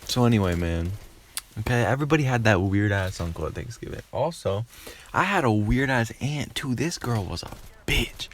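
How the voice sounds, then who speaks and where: A man's voice: mid-range voice, lively intonation, normal speed, slight background noise. A man telling a rambling, profane story in a casual vlog. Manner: rambling, profane, lots of filler. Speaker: YouTuber.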